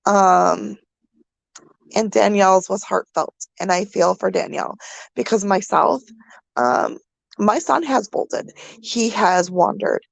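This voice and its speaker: A woman vlogger from the American Midwest, talking to her viewers through tears, halting with many pauses and fillers. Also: medium pitch, lively intonation, creaky, no room sound. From Minnesota. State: crying. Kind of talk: emotional vlog talk to viewers.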